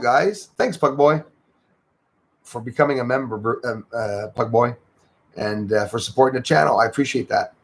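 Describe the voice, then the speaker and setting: A man's voice: medium pitch, moderate pace, slightly rough. A man hosting a casual livestream, chatting with viewers, greeting them by name and often saying "eh". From Canada. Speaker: livestream host.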